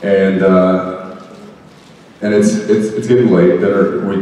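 A man who is an actor guest on a convention panel, telling a humorous anecdote to a live audience. He tells it in an animated way, laughing and often repeating phrases. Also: low voice, slow pace. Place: large convention hall stage. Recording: echoey hall audio from far off.

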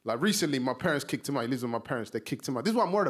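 A young man from Somalia with a South London accent, performing an animated stand-up comedy set on a TV studio stage. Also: medium pitch, a little fast, husky. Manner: animated, acts out characters in voices. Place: TV studio stage before a live audience. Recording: live audience laughter behind.

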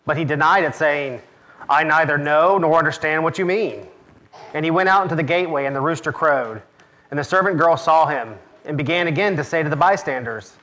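A male pastor giving a measured, expressive scripture reading in a church. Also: a little high.

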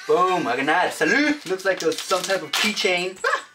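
A man casually chatting as he opens fan mail for his vlog, upbeat and often shouting out exclamations. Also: sits high, normal speed, loud music behind the voice. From United States. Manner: upbeat, punctuates items with loud exclamations. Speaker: vlogger opening fan mail.

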